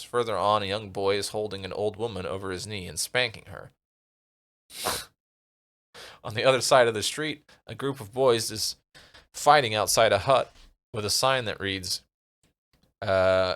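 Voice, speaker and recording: A man's voice: on the low side, moderate pace, fairly bright tone. A male streamer reading a gamebook aloud and muttering asides to himself as he decides what to do. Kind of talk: casual narration while playing a gamebook.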